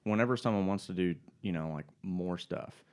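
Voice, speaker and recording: Very low-voiced man telling dry jokes. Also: brisk. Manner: dry joking storyteller. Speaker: fitness podcast co-host. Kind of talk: casual chat.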